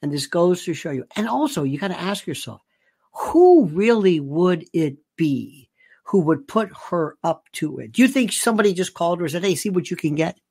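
A man's voice: sits high, sing-song, normal speed, darkish tone, slightly rough, no echo, studio quality. A man giving casual, emphatic commentary straight to his viewers, often repeating words to drive a point home. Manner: chatty, emphatic, repeats himself for stress. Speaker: online commentator.

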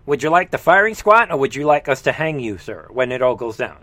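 A man's voice: medium pitch, very animated, a little fast, bright, forceful tone, no room sound. A man hosting a live reaction commentary show, heated and scornful, with mocking asides. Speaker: political commentary host.

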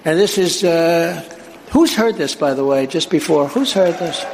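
A man's voice: on the high side, animated, a little slow, gravelly. A man giving a rambling, emphatic rally speech to a live crowd in a large venue, with a lot of repetition. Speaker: political speaker. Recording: echoey hall with crowd noise.

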